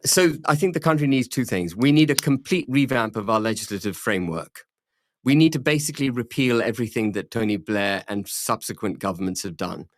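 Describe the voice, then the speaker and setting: A man's voice: medium pitch, brisk, no room sound, clean studio sound. A man, interviewed as a politician, arguing firmly and repeating key phrases for emphasis. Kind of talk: measured political argument.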